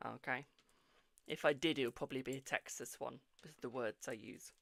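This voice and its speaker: A British man hosts a live-stream tarot reading, affectionately repeating phrases and calling viewers "my darling" and "boo." His medium-pitched voice is gravelly and a bit bright, with fairly even intonation and a moderate pace, recorded without echo.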